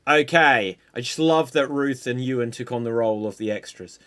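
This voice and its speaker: A man hosting an online improv comedy show, calling out game prompts in a dry, unhurried way over a video call. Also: mid-range voice, fairly bright tone.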